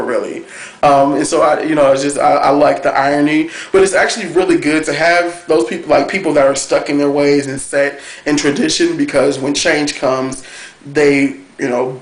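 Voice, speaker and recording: Guy vlogging a show review, kinda high voice, super excited and gushy, roomy echo. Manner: gushing, excitable, lots of fillers. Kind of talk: casual chat review. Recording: echoey room.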